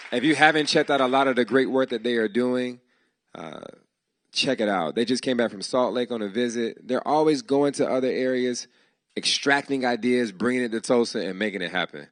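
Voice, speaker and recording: A man's voice: medium pitch, moderate pace, fairly bright tone, no echo, some chatter behind. A man hosting a startup demo day, giving heartfelt, casual, slangy thanks to his team in a live speech before an audience. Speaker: event host giving thanks. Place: event hall before an audience.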